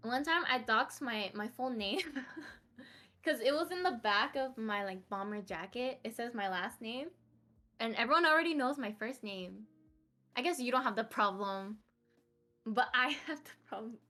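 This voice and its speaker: Unhurried, chatty young woman. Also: fairly high pitch, animated, sharp tone, soft background music. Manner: chatty, laughs often. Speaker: streamer guest. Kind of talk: casual interview chat.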